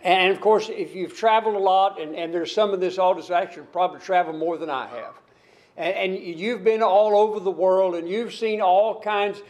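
An older American man preaches with a fairly high voice. He wanders between points, restarts phrases and stretches out the lines he wants to stress. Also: normal speed. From United States. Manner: rambling, repeats words and restarts phrases, drawls key lines. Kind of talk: sermon.

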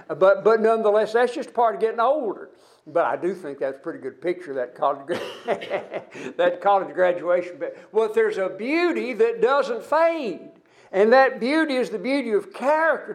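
A man in his seventies preaching a sermon to his congregation, earnest and halting, often restarting his words. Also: fairly high pitch. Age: 70s.

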